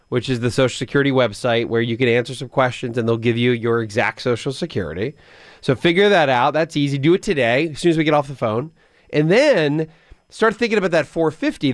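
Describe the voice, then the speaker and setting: On a studio microphone in a radio studio, a man with a mid-range voice hosts a call-in show about finance, recorded at studio quality with no echo. His money advice is conversational, and he often begins sentences again.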